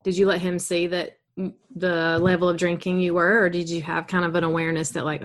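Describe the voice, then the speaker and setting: A woman hosting a podcast, gently asking probing interview questions. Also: fairly low pitch, level tone, fairly quick, few pauses. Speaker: podcast host.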